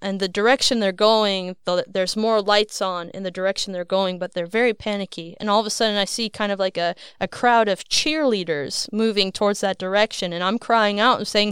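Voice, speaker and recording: Smooth-voiced woman recounting a dream. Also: medium pitch, moderate pace, hardly any pauses, no room sound, studio quality. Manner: rambling, earnest, laughs at herself. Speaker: guest sharing a dream. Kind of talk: casual storytelling.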